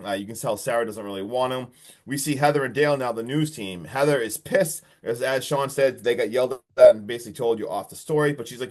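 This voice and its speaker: A young man co-hosting a podcast, rambling through a horror film's plot with lots of filler words and the odd swear. His voice sits at an ordinary middle pitch, and the talk is loose and conversational. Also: fast talker. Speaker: podcast co-host reviewing a film. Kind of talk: casual movie recap.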